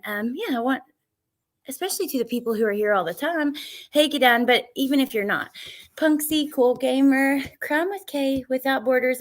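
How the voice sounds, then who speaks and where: A woman hosting a casual true crime livestream, chatting and greeting viewers by name. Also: high voice. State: out of breath.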